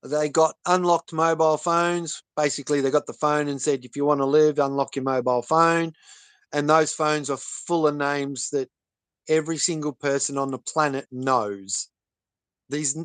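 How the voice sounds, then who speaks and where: A man talking on a livestream in an earnest, halting way, with many pauses and fillers. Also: on the high side, fairly bright tone, smooth, no room sound. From Australia. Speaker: livestream guest. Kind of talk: casual livestream talk.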